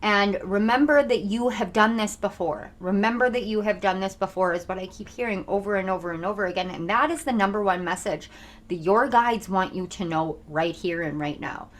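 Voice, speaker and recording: Fast-talking woman giving a tarot reading. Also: medium pitch. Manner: fast, intense, earnest, talks straight to viewers. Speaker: tarot reader. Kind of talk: channeled tarot reading to camera.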